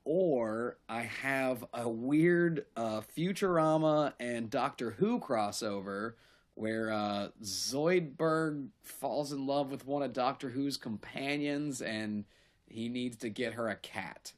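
A man's voice: mid-range voice, takes it slowly. Laid-back young guy podcast co-host. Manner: laid-back, filler-heavy, lots of "like". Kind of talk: casual chat.

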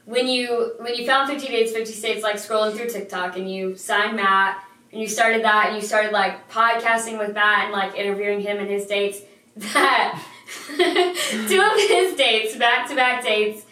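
A woman's voice: a little high, measured pace, sharp tone, slight background noise. A woman co-hosting a podcast in casual chat, giggly and teasing. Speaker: podcast co-host. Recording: echoey room, mic at a distance.

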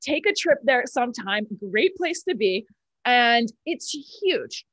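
A young woman of about nineteen hosts a comedy club video call from home, mixing casual chat with a stand-up set. Her higher voice takes things slowly, and she's chatty and self-mocking, with exaggerated deadpan bragging. The laptop-mic sound is dry and rough, with no echo.

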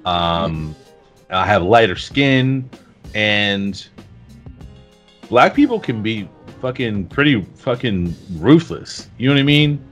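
A man's voice: on the low side, animated, fairly bright tone, muffled recording, soft background music. A middle-aged man co-hosting a podcast, talking reflectively in casual chat with frequent restarts. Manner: reflective, halting with restarts and fillers. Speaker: podcast co-host.

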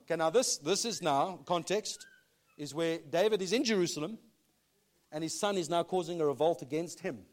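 An animated pastor preaching to his congregation in a church hall. His voice sits fairly high for a man, and he keeps checking in with a quick "okay?" as he reads and explains scripture. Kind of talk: sermon with Bible reading.

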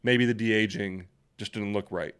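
A man's voice: on the low side, fairly even intonation, normal speed, a bit bright, smooth. A young man co-hosting a podcast in casual chat, laughing often and rambling with frequent restarts. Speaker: podcast co-host.

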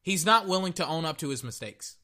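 A man hosting a sports podcast and ranting in a blunt, casual way. He swears freely and keeps circling back to the same point. His voice sits a little high and rings bright and forceful. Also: lively intonation, brisk. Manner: blunt, profane, repeats himself. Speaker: podcast host. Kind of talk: casual sports reaction rant.

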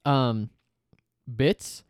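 A man's voice: medium pitch, very slow, smooth, no room sound, clean studio sound. A man co-hosting a podcast, chatting casually in a giggly, rambling, playful way into a mic on an arm. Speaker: podcast co-host.

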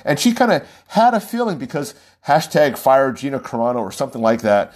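A man's voice: medium pitch, very animated, brisk, a little mellow. A man hosting a show, giving a casual, rambling political commentary monologue with frequent chuckles.

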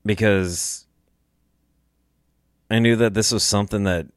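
A man's voice: lowish voice, steady tone, measured pace, clean tone, no echo, clean studio sound. A man hosting a podcast, telling a story casually in a rambling, chuckling way, with restarts and swearing. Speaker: podcast host.

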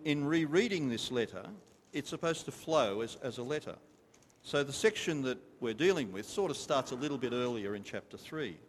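A man's voice: mid-range voice, a little hiss or hum. A man preaching a sermon to a congregation, emphatic and repetitive, stopping to ask them questions. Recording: long reverb of a large hall.

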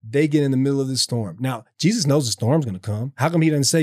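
A man's voice: fairly high pitch, a little fast, hardly any pauses, darkish tone, no room sound, studio quality. A man talking earnestly about his faith in a casual conversation, rambling with many restarts and fillers. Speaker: guest speaking about faith.

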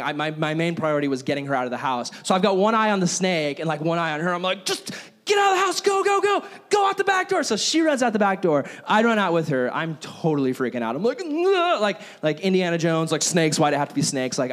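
A young man delivering a relaxed, conversational sermon as a pastor. He tells personal stories with animated energy and acts out his own reactions. His voice sits a little high and swings widely in pitch. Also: quick pace, hardly any pauses.

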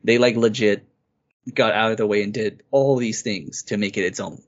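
A man's voice: on the low side, moderate pace. A man co-hosting a podcast, casually and eagerly retelling a game's story in a rambling way. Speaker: podcast co-host. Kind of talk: casual game review chat. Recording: dull lo-fi recording.

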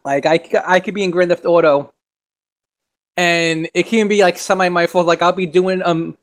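A man on a casual podcast describing how he rages at games, chuckling as he acts out his own outbursts. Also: on the high side. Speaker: podcast co-host.

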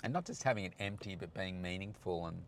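A man who hosts a podcast, chatting casually while he drives, in a relaxed, rambling way with lots of fillers. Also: low-pitched, fast talker. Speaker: podcast host and coach. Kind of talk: casual vlog monologue while driving. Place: in a car, driving on city roads. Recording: loud road and engine noise.

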